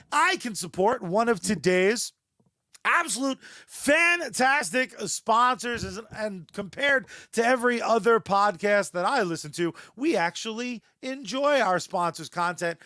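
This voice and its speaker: A man's voice: high voice, bright, forceful tone, dry recording, studio quality. A man co-hosting a comic book podcast, joking around in casual chat and rattling off sponsor plugs. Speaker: podcast co-host.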